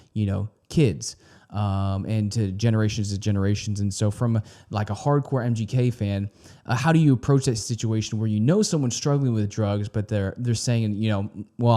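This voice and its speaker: A man with a fairly low, dark, mellow voice hosts a music reaction video. He speaks casually and hesitantly, thinking aloud with frequent pauses and restarts. He often turns to ask his viewers questions. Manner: asks the viewers questions directly.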